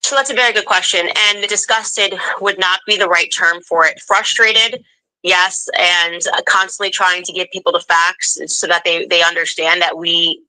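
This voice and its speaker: A woman political commentator answering interview questions in an emphatic, lively way. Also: fairly low pitch, moderate pace, no echo, low-quality recording. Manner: emphatic, mimics voices in quotes. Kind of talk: interview answer, played clip.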